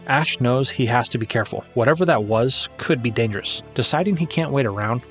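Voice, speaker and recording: A man narrating a scripted adventure story, lifting his voice for the suspense beats. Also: mid-range voice.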